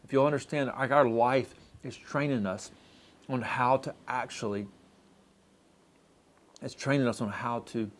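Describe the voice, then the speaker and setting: A man's voice: medium pitch, unhurried, long pauses. A man preaching a sermon as pastor, in a conversational way, often restarting his sentences.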